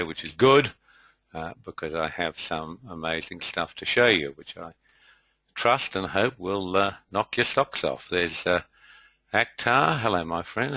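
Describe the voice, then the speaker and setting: Low-voiced chatty man hosting. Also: bright, forceful tone, no room sound, low-quality recording. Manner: chatty, hesitant, with frequent filler pauses. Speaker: webinar host and trading tutor. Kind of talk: live webinar presentation.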